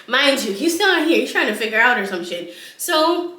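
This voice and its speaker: A woman vlogger tells a story in a lively, animated way, often laughing and repeating herself for effect. Her voice is bright and a little high. The recording has an echoey room sound. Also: brisk. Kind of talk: casual storytime vlog.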